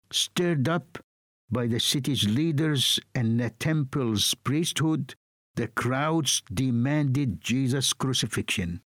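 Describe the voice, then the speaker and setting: Slow, solemn male preacher. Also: medium pitch, no echo, studio quality. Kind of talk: sermon reading scripture.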